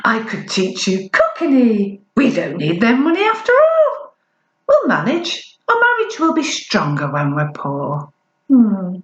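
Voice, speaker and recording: A woman's voice: a little high, wildly swooping pitch, takes it slowly, reverberant, lo-fi sound, exaggerated voice. A woman voicing a glib young royal wife, talking in a chirpy, mock-upbeat, teasing way. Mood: mock-cheerful.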